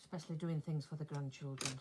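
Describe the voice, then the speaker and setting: A woman's voice: low voice, fairly even intonation, quick pace. Chatty older woman sewing. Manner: chatty, talks to herself while she works, drops to soft mutters. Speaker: sewing vlogger. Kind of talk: casual chat while sewing. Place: home sewing room. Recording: clear sewing machine noise behind.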